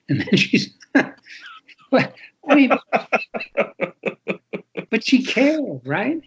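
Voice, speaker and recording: A man's voice: extremely high pitch, big pitch swings, extremely slow, pauses often, fairly bright tone, breathy edge. An older man, an author and interview guest, talking casually and expressively, stressing words as if reading aloud, over muffled lo-fi audio.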